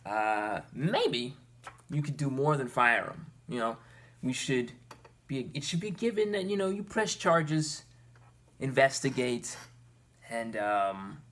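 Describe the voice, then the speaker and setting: A young man earnestly talking to his viewers, animated and exasperated, with his pitch climbing when he gets worked up. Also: takes it slowly. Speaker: vlogger. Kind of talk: personal commentary to camera.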